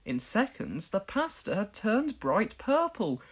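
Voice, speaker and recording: A woman narrating a children's storybook read-along, expressive in delivery. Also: medium pitch, takes it slowly, slightly rough.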